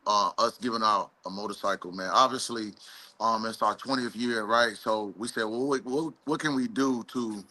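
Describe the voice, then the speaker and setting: Bright-toned laid-back man. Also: on the low side. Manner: laid-back, rambling with fillers, swears casually. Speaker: event organizer. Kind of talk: casual chat.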